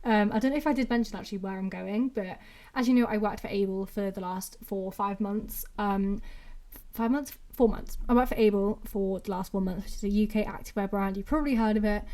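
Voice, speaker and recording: A woman's voice: medium pitch, steady tone, a little fast, warm tone. A woman in her twenties from England with a mixed Brummie and Mancunian accent, chatting casually and rambling on her own podcast. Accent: English, a mix of Brummie and Mancunian. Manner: rambling and chatty, with constant "like" fillers. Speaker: podcast host. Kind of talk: casual solo podcast chat.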